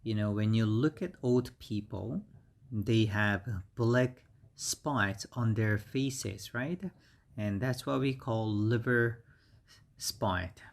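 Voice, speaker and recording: A middle-aged man whose first language is Korean, teaching beginner English vocabulary slowly and repeating each word several times. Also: fairly low pitch, creaky. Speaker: English instructor. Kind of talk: slow beginner vocabulary lesson.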